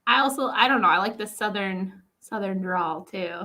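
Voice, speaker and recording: A woman's voice: medium pitch, normal speed, pushed and bright. A woman from Minnesota co-hosting a casual talk show, making playful quips. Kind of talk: casual chat.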